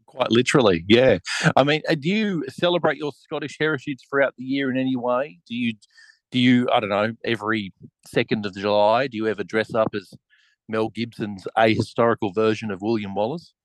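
A man's voice: mid-range voice, brisk, no room sound, rough recording. A man hosting a casual podcast chat over a remote call, asking questions in a wry, mock-serious way. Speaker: podcast host.

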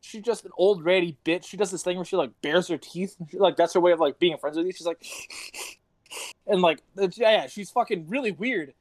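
High-voiced rambling young man. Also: fast talker, few pauses, dry recording. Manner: rambling, swearing, laughing storyteller. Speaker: podcast host. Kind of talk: casual podcast chat.

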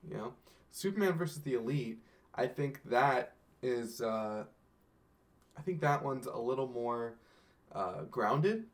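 A man's voice: mid-range voice, takes it slowly. A man co-hosting a casual movie podcast, eagerly retelling fight scenes beat by beat. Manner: excited play-by-play retelling, quoting characters. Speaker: podcast co-host.

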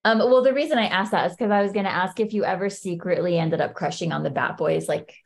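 Gravelly-toned upbeat woman interviewer. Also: fairly low pitch. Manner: upbeat, encouraging, quick questions. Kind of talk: casual interview chat.

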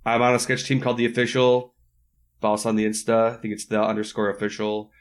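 A man's voice: fairly low pitch, flat delivery, fast. A man who performs improv comedy, a podcast guest, joking and self-deprecating as he plugs his shows. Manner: jokey, self-deprecating, easygoing. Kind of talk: casual podcast chat.

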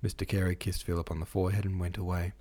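Husky, dark-voiced male narrator. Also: deep voice, level tone, rapid-fire. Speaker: audiobook narrator, podcast host. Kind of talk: literary audiobook reading.

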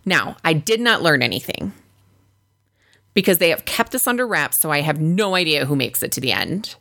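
Animated, exasperated woman recapping TV. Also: low voice, normal speed, gravelly. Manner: animated, exasperated, swears freely. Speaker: podcast co-host. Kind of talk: casual reality-TV recap chat.

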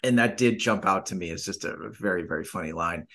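A man's voice: sits low, fairly quick, bright, forceful tone. A man talking through his thoughts as a guest in a casual film discussion podcast. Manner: thoughtful, searching for words.

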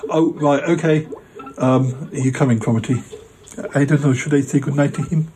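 A man's voice: fairly high pitch, fairly even intonation, moderate pace, warm tone, a little hiss or hum, poor audio. Hesitant, stammering man host. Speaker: podcast host. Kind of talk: comic skit chat.

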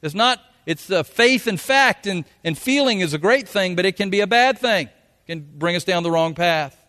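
A pastor preaching a folksy sermon, now and then acting out quotes in a loud voice. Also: male voice, high voice, animated, normal speed. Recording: long hall reverb.

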